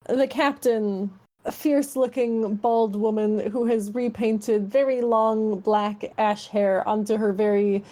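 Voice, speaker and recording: A woman's voice: mid-range voice, warm tone. A woman narrating as game master in a tabletop game, giggly and self-mocking.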